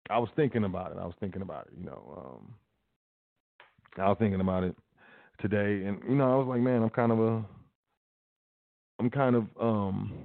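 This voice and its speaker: A man's voice: on the low side, gravelly, no echo. Sarcastic man on a tinny line. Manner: sarcastic, loose street slang, reads news items aloud. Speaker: podcast host. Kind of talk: casual commentary on news.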